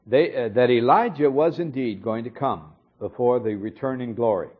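A man preaching an expository sermon, explaining a Bible passage verse by verse in a measured way. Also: mid-range voice, breathy edge. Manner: measured, explanatory, with occasional fillers. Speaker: Bible teacher. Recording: dull lo-fi recording.

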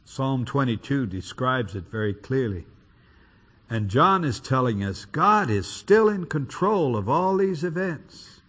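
A man's voice: mid-range voice, husky. A man preaching an expository sermon, reading and explaining scripture with emphatic, dramatic delivery. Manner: lively, emphatic Bible reading with dramatic quotes.

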